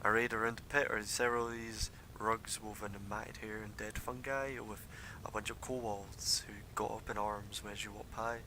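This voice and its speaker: A man's voice: level tone, moderate pace, few pauses, pushed and bright. A man narrating an online tabletop game as game master, casual and full of fillers. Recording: noisy low-quality stream recording.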